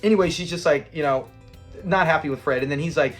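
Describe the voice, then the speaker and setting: A man with a slightly higher voice for his sex talks casually as a fan-channel host. He rambles, quotes scenes in passing and breaks into laughter. Faint music plays softly behind him. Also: quick pace. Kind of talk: casual commentary.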